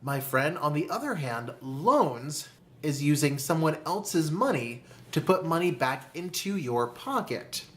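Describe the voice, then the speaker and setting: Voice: mid-range voice, sing-song. A host giving a motivational talk to camera about money, calling the listener "my friend" and asking rhetorical questions. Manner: slow, deliberate emphasis on key phrases. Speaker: personal finance video host.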